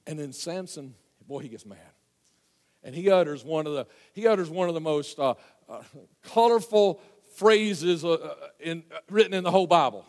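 A man preaching a sermon, telling the story in a folksy way and swinging from loud to hushed. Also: a little high, moderate pace. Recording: long hall reverb.

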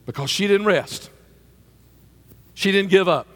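A man preaching a sermon as pastor, emphatic, with a rising delivery that at times pushes toward a shout. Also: sits high, unhurried, big-room sound.

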